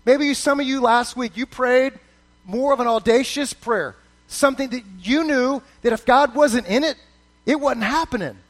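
A man with a very high voice preaching a sermon. He talks in a conversational way, breaks into quoted prayers and stumbles into quick restarts as he builds his point. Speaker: pastor.

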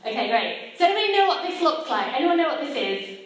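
High-voiced woman giving a talk in a hall. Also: very animated, fast talker. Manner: chatty, self-deprecating, engages the audience directly. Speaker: speaker at a church gathering. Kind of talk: personal faith talk to an audience. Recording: echoey hall picked up from a distance.

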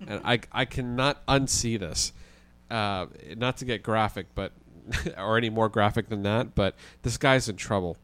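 A man, a guest on a podcast, telling a story in a casual, animated way with the odd swear word. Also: lowish voice, normal speed, hardly any pauses, smooth. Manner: animated, vivid retelling with occasional swearing.

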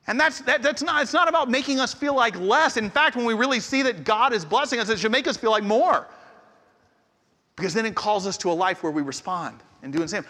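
A man's voice: extremely high pitch, animated, fairly quick, pushed and bright. A middle-aged male pastor preaching a sermon in a conversational, self-deprecating way, telling stories and bursting into emphatic lines. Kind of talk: sermon with storytelling. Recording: long hall reverb.

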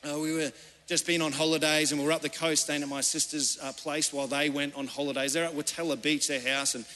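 A man's voice: fairly high pitch, flat delivery, fast talker, sharp tone, slight background noise. A man, a pastor giving a sermon in an earnest, conversational storytelling way. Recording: reverberant church hall.

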